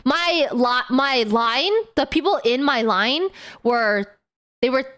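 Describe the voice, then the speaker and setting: A woman streamer in casual live-stream chat who talks in a giggly, animated way and laughs often. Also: high-pitched, slow pace.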